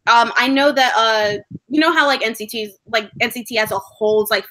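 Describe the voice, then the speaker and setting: Excitable high-voiced young woman. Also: fairly quick. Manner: excitable storyteller, acts out fangirl screams. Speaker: vlogger. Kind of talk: casual chat.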